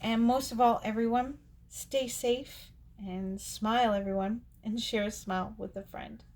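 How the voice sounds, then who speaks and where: A woman's voice: on the high side, steady tone, a little slow, darkish tone. A woman vlogger talks to her camera in a loose, rambling way. She laughs often and restarts her sentences as she goes, like someone chatting with friends. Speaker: doll artist and channel host. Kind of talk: casual storytelling to camera.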